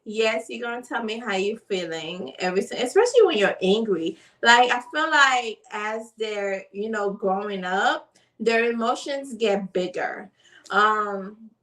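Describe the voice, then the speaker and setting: Slow-talking earnest mom, a bit off-mic. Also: female voice, medium pitch, far from the mic, low-quality recording. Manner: unhurried, earnest, many fillers like "like" and "you know". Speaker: mother vlogger. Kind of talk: casual talk to camera.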